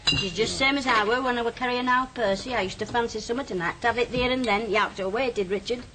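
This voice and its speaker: An actress playing a tart aunt. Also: female voice, fairly high pitch, quick pace, noisy background, natural voice. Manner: blunt, tart, dialect sayings. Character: blunt older Northern aunt. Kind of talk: radio drama.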